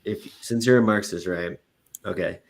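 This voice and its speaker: A man's voice: fairly low pitch, normal speed. A man on an online panel, asking long, rambling questions full of fillers. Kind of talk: casual debate chat.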